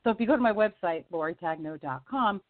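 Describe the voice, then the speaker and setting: A woman, a singer-songwriter guest, telling a personal story in lively casual chat, leaping up in pitch for quoted voices and laughing often. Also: fast, no room sound. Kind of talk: casual storytelling on a radio interview. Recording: tinny phone line, dry.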